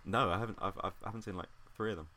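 Young man, podcast co-host, lowish voice, bright edge, playful teasing. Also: steady tone, very fast. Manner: playful, teasing, lots of likes and laughs. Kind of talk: casual chat.

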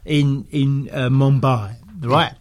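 A man's voice: mid-range voice, fairly even intonation, slow. A man co-hosting a comedy podcast, telling an improvised tall tale in a rambling way and checking in with "right?" as he goes. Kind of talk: improvised comic storytelling.

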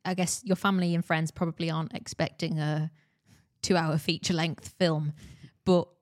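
A woman's voice: sits low, little pitch movement, normal speed. A woman co-hosting a podcast, chatting casually and giggling. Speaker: podcast co-host and editor.

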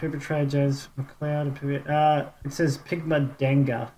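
A man's voice: a little high, level tone, a little slow, warm tone, rough recording. An Australian man co-hosting a casual podcast quiz, fumbling for words and laughing often. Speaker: podcast co-host.

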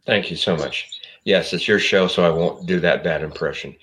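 Deep-voiced rambling middle-aged man. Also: moderate pace, fairly bright tone, low-quality recording. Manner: rambling storyteller, self-interrupting. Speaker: show producer and co-host. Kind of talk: casual comedy podcast chat.

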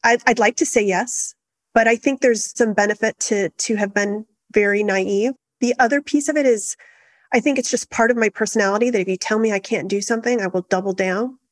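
A middle-aged woman, a guest in an interview, telling her story in an earnest, steady and reflective way. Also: medium pitch, brisk, dry recording. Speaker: guest, activist founder.

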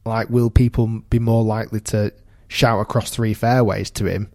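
A man's voice: fairly low pitch, level tone, normal speed, a little mellow. A man co-hosting a podcast in casual chat, thinking aloud and often restarting his sentences. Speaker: podcast co-host.

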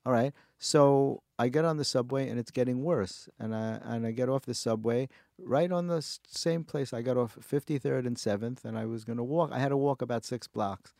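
A man telling a story in casual chat, wry and animated, acting out the people he met. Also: medium pitch, moderate pace, creaky, few pauses, no room sound, studio quality.

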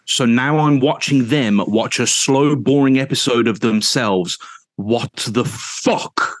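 A man's voice: mid-range voice, measured pace, dry recording. A man in casual podcast chat, grumbling and ranting with plenty of swearing. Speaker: podcast co-host.

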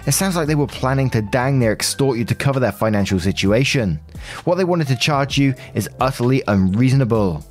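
A man's voice: mid-range voice, animated, a little fast, faint music behind. A man hosting a story channel, reading posts and commenters' replies aloud and adding his own dry opinions.

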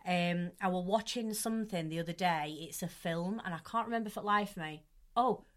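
A woman's voice: fairly low pitch, fairly quick. A young woman, co-hosting a casual podcast and telling stories with lots of fillers. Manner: chatty, animated storytelling with frequent fillers. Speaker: podcast co-host. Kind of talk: casual chat.

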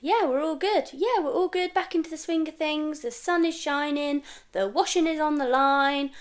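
A woman's voice: high voice, moderate pace. A woman co-hosting a podcast, chatting in an upbeat, easy-laughing way over a video call from home. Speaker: podcast co-host. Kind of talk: casual chat.

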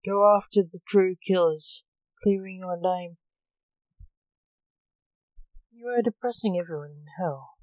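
Sarcastic necromancer guy, blunt, kinda low, read by a woman. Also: normal speed, darkish tone, no echo, close to an everyday voice, low-quality recording. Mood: urging. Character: sarcastic grown son, a necromancer.

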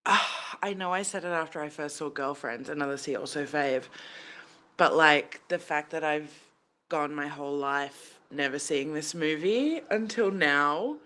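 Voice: mid-range voice, unhurried, pushed and bright. A podcast co-host in their thirties, talking with emphatic enthusiasm and casual swearing in a voice memo. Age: 30s.

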